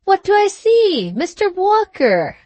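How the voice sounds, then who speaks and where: A woman's voice: on the high side, expressive, moderate pace, no room sound, close to an everyday voice. A woman playing a sly, fawning whining servant. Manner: whining, sly, over-effusive. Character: sly, fawning male servant who fakes tears.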